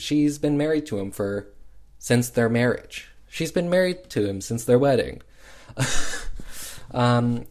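A man's voice: medium pitch, darkish tone. A man casually recapping an old film with sassy, chatty commentary. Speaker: film reviewer.

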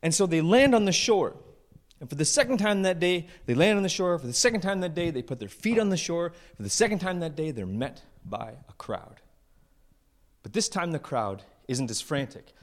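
A male pastor preaching to his church, retelling a story with playful asides and quick voices for the characters. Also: a little high, lively intonation. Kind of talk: lively storytelling sermon.

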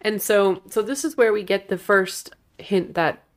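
A woman's voice: medium pitch, unhurried. A woman co-hosting a podcast, chatting casually about a film with lots of fillers. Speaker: podcast co-host. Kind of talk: casual chat reviewing a film.

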